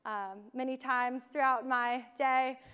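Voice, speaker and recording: A young conference speaker talks slowly in a high-pitched, smooth, somewhat bright voice with fairly even intonation. Her casual talk is loaded with fillers such as um and you know, recorded in a large conference hall with long reverb.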